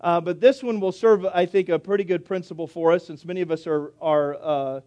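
High-pitched preacher guy in church, folksy and joking, praying then preaching. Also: fairly even intonation, a little fast, darkish tone. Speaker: pastor. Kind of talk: sermon. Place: church sanctuary.

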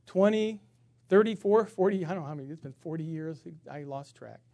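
A middle-aged male pastor preaching a sermon, swinging from hushed tones to shouting and acting out funny stories. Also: a little high, a little fast. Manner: acts out funny stories with voices.

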